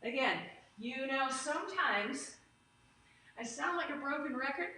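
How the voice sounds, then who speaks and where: A woman's voice: high voice, expressive, measured pace, sharp tone, slight background noise. A woman teaching a live online stretch and strength class, upbeat and chatty, often drifting into little tangents. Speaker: fitness instructor. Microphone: camera or phone streaming live. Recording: roomy echo.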